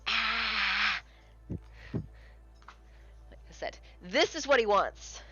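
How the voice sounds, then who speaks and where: A woman's voice: mid-range voice, lively intonation, extremely slow, bright, forceful tone, breathy edge, highs cut off. A woman streamer chatting casually on a live stream, swearing freely and cooing baby talk at her dogs.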